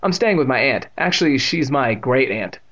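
A man's voice: medium pitch, animated, moderate pace, fairly bright tone, lo-fi sound. A man reading aloud and voicing a shy, hesitant young boy. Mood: uncertain. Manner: hesitant and uncertain.

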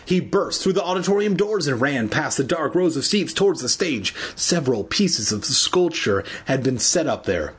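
A man's voice: a little high, very animated, moderate pace, hardly any pauses, a bit bright, husky. A man reading a children's horror book aloud in an irreverent way, dropping joking, crude asides between the passages. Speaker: reader.

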